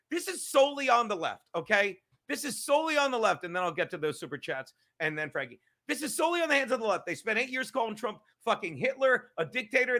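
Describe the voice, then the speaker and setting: A man's voice: sits high, sharp tone. A male podcast host in a profane live-stream rant, angry and emphatic, swearing constantly and repeating his points.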